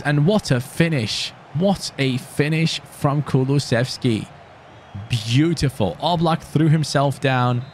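Guy commentating his own football game, chatty then yelling when they score, bit of noise in the back. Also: fairly high pitch, unhurried. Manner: excitable, yelling at goals. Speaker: gaming YouTuber. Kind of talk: live gameplay commentary.

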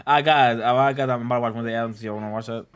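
A young man hosting a casual movie reaction, excitable and slangy, laughing and swearing as he talks to viewers. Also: medium pitch, rapid-fire, a little hiss or hum. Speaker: reaction host.

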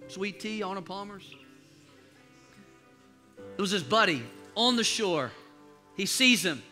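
A man preaching in a church service, his voice high for a man and cutting, forceful and bright. He rallies the congregation to call back and drops between lines into low, confiding asides. Soft music sits faintly behind him. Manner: exhorting, call-and-response with the congregation; swings from loud rallying to low, confiding asides. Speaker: pastor. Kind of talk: sermon.

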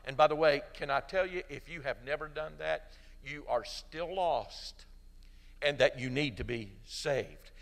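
Fervent pastor in a reverberant hall. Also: male voice, fairly high pitch, a little slow, vocal fry. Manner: fervent preaching, swinging from loud emphatic peaks to soft pleading; leads an altar-call prayer in a hushed voice. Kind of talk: sermon.

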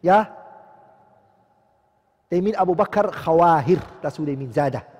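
This teacher speaks unhurriedly in a slightly high, darkish voice with a breathy edge. Lecturing in a space with long hall reverb, he quizzes his students, answers his own questions, and repeats each key term.

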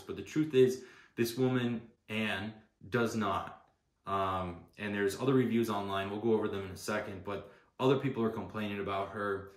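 A customer posting a complaint video tells, in casual speech, an aggrieved and exasperated story about a bad experience. His voice is on the low side and a bit bright, with reverberant sound.

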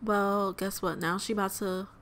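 A woman's voice: medium pitch, steady tone, moderate pace, fairly bright tone, slight background noise. A young woman hosting a let's play, giving chatty, exclamatory gameplay commentary straight to her viewers.

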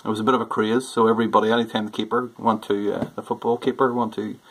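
A man with a Northern Irish accent chatting casually through an accent challenge on his vlog, self-deprecating and loud on stressed words. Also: fairly low pitch, level tone, fast, breathy edge, low-quality recording. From Northern Ireland. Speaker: homebrewing YouTuber.

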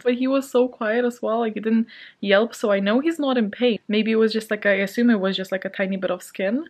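A woman's voice: fairly high pitch, steady tone, a little fast, darkish tone. Woman book vlogger, casual chat from bed at home; anxious and shaken, rambling delivery with fillers and nervous laughs.

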